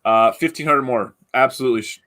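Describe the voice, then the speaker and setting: A man hosts a casual live stream over a video call. His voice sits at an ordinary pitch. He talks in loose, rambling bursts, restarting sentences often. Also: quick pace, sharp tone. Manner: rambling, many fillers and restarts. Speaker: podcast host running a giveaway.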